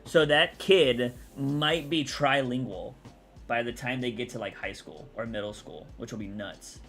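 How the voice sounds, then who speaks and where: A young man from Texas, chatting casually on a livestream, rambling and answering chat out loud. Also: mid-range voice, unhurried, soft background music.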